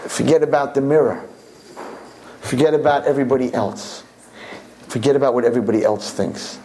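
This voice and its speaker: A man, a rabbi, giving a Torah lesson and telling a parable in an animated way, often asking "right?". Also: medium pitch, slight background noise. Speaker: rabbi teaching students.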